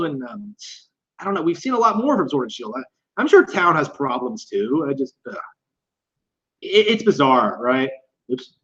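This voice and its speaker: A man's voice: on the high side, sing-song, normal speed, a bit bright. A man reacting to a clip in casual commentary, with incredulous, mocking asides. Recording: dull lo-fi audio.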